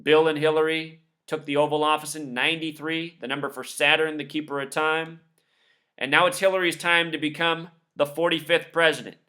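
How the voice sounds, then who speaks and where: A man's voice: on the high side, little pitch movement, fairly quick, bright, forceful tone. A man giving a scornful, emphatic commentary monologue, listing numbers one after another. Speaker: video commentator. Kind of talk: monologue over news clips.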